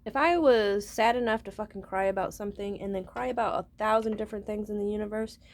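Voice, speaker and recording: A woman's voice: mid-range voice, fast talker. A woman talking to her viewers in a rambling, casual vlog monologue, swearing freely and often starting with "listen". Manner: rambling, profane, keeps saying "listen". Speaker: vlogger.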